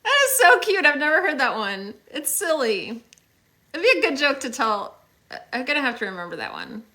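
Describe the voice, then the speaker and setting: A woman's voice: sits high, big pitch swings, normal speed, pushed and bright. A young woman hosting a casual livestream on her phone, chatty and upbeat as she thanks viewers, with many fillers. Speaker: livestream host.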